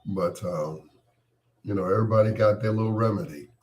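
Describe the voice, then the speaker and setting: A man's voice: fairly low pitch, brisk, a little mellow. A man hosting a late-night radio show with a cold, chatting and joking with listeners by name. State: has a cold, congested voice. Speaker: radio host.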